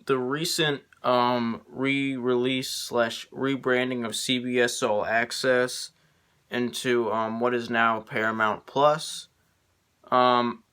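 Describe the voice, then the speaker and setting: A man giving an unscripted video review, halting and full of ums and restarts. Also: mid-range voice, fairly even intonation, sharp tone, smooth.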